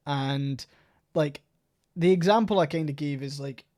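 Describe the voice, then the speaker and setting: A man's voice: fairly high pitch, unhurried, a little mellow. A Scottish man co-hosting a podcast in casual, rambling chat, swearing now and then and saying "like" a lot. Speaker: podcast co-host.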